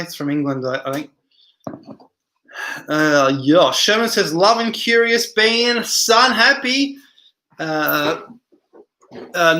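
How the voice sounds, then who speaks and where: A tired man hosts a late-night live chat, reading out viewer comments and wandering off into long asides. His voice sits a little high and has a sharp, forceful edge. The room around him rings with a noticeable echo. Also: a little hiss or hum. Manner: rambling, reads comments aloud and answers them. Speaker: live stream host.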